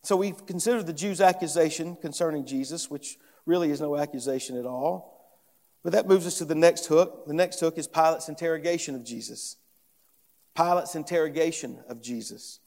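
A man's voice: on the high side, a little fast, vocal fry, a little mellow. A pastor preaching an earnest sermon, emphatic and often repeating phrases as he builds each point. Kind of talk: expository sermon. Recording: long reverb of a large hall.

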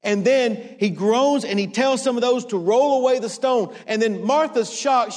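High-pitched preacher man in a reverberant hall. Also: moderate pace, few pauses. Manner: emphatic preaching, repeats "listen", shifts from hushed to raised. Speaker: pastor. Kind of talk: sermon.

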